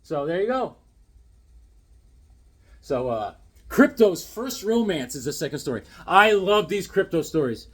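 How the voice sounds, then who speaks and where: A man in his fifties showing off his comic books in a casual joking vlog, acting out voices with sudden loud outbursts. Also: fairly high pitch, very animated, measured pace, long pauses, slightly rough.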